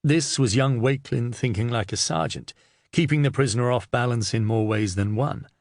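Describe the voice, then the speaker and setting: A man reads an audiobook script in steady, measured narration. His voice is mid-range, and the studio-quality recording has no room sound.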